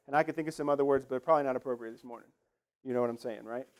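A man's voice: medium pitch, racing. A man preaching a sermon in a conversational, emphatic way, acting out the lines he quotes. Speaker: pastor.

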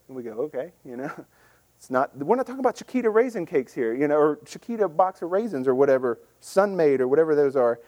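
A man preaching a sermon in a lively, conversational way, acting out the people in the scripture story in voices. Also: fairly high pitch, fast talker. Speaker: pastor.

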